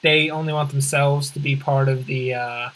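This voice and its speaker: A game commentator with a bright, forward voice of medium pitch, rambling through absurd jokes in a dry, deadpan way. They keep contradicting and correcting themself, jumping up and down in pitch and speeding up or dragging out words for comic effect. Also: normal speed, low-quality recording. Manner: swings in pitch and pace for comic emphasis. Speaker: let's play commentator. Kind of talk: casual gameplay commentary.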